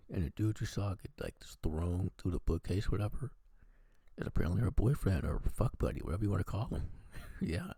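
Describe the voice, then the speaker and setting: A man's voice: deep voice, gravelly, dark tone, slightly rough, no room sound. A man giving a casual, profane movie review, animatedly acting out the characters' lines.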